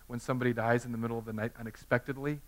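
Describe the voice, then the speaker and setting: A man's voice: mid-range voice, steady tone, very fast. A man in his thirties preaching a sermon in a conversational, self-deprecating way, telling personal stories. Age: 30s. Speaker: pastor.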